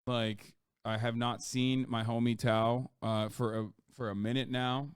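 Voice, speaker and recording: A man streaming live and chatting casually, rambling and swearing, his pitch leaping up when he gets worked up. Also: flat delivery, a little slow, clear, resonant tone, dry recording, clean studio sound. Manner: profane, rambling, with sudden loud jumps in pitch.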